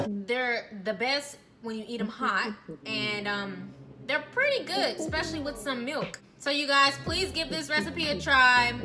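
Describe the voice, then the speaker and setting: A woman chatting casually as a cooking vlogger in a home kitchen, gushing over her food and talking straight to her viewers. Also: high voice. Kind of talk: casual recipe chat and taste test.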